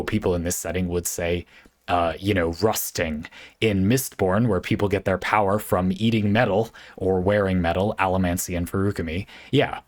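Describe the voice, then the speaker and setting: A man hosting his channel, musing in a rambling casual way with many fillers and restarts as he thinks aloud. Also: low-pitched. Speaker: channel host. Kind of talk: casual commentary on game design.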